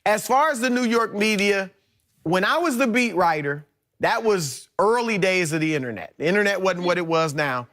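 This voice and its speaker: A man with a high-pitched voice makes his case on a studio sports debate show. He is middle-aged and methodical, building his argument point by point. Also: expressive, a bit bright. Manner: measured, explanatory, with frequent restarts.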